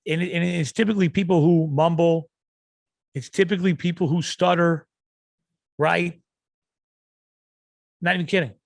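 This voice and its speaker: Gravelly ranting podcast host, man. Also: on the high side, fairly even intonation, moderate pace, pauses often, no room sound. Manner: ranting, rambling, acts out yelling. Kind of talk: comedic rant.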